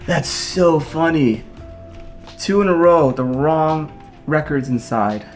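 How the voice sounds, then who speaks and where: A man hosting a casual vlog as he unboxes vinyl records, excitable and gushing, swearing often. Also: on the high side, takes it slowly, soft background music.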